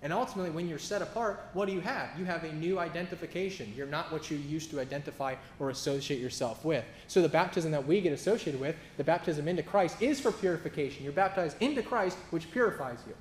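A man preaches in a loose, sarcastic style, acting out other people's voices as he goes. His voice sits a little higher than usual for a man. A faint hum of the room runs underneath. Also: quick pace, hardly any pauses, reverberant. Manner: casual, sarcastic and flippant in delivery; acts out quoted voices in storytelling. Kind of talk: sermon. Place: church.

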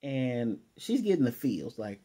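Casual male reviewer, dark husky voice, rambling recap with chatty asides. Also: mid-range voice, big pitch swings, a little slow. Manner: rambling, chatty, with frequent restarts and quoted asides. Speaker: anime reviewer.

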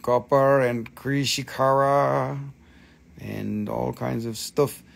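A man's voice: medium pitch, fairly even intonation, slow pace, gravelly. A man casually hosting a live-stream crystal sale, joking around, swearing loosely and repeating himself. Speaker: host selling crystals.

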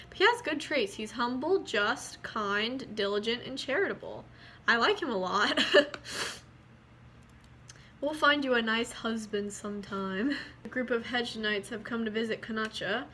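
A woman's voice: fairly high pitch, bright, forceful tone, slight background noise. A woman giving casual gameplay commentary, chatty, swearing freely and reading game text aloud. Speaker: gaming video creator.

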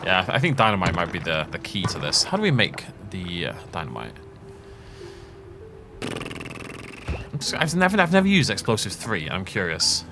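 A man with a fairly low voice narrates his gameplay in a chatty running commentary. His pitch swings widely as he thinks aloud, and he laughs often. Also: huge pitch swings, moderate pace, pauses often, music in the background. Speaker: gaming channel host. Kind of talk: let's play commentary.

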